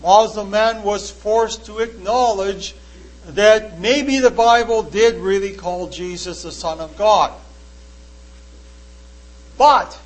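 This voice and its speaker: Man with a very high voice preaching. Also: rough recording. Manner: earnest, emphatic, reads archaic scripture verses aloud. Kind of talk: sermon-style testimony quoting scripture.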